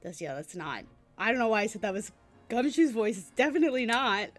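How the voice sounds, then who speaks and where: A woman's voice: a little high, big pitch swings, brisk, soft background music. Chatty sarcastic woman streamer. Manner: chatty, sarcastic, reads lines aloud. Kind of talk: game stream commentary.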